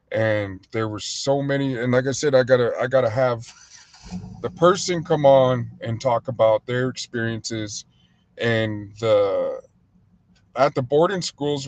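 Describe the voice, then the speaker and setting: Man, livestream host, casual rambling talk, lots of fillers, middle pitch, dry close sound. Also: no room sound. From United States. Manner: rambling, loose and heated, heavy with fillers. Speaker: livestream host and restaurant owner.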